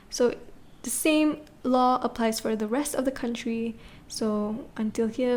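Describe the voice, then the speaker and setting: A woman teaching a French lesson, patiently repeating words slowly for learners. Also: on the high side, darkish tone. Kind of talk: recorded language lesson.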